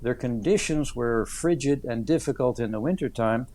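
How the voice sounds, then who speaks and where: A man in his seventies, an author answering interview questions in an earnest, thoughtful way, with many "uh" pauses as he tells stories. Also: mid-range voice, warm tone. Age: 70s.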